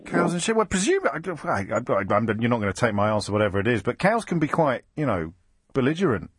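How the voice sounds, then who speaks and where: A man hosting a radio phone-in, bantering quickly with callers and often cutting himself off mid-phrase. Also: medium pitch, very animated, slightly rough, dry recording, clean studio sound. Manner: quick, teasing, self-interrupting. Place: radio studio. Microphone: studio microphone.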